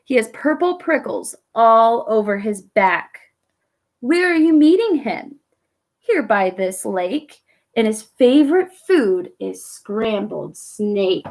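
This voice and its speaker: A woman reading a picture book aloud to children, gently asking her listeners questions along the way. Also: mid-range voice, animated, slow. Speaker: children's storyteller.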